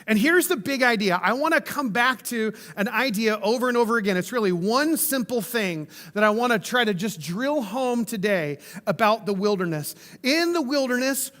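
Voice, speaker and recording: A high-pitched man with a bright, ringing voice preaches a sermon as a pastor. He talks in a conversational, enthusiastic way and drops casual asides as he tells the story. A long reverb from the church hall trails after each phrase. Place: church sanctuary.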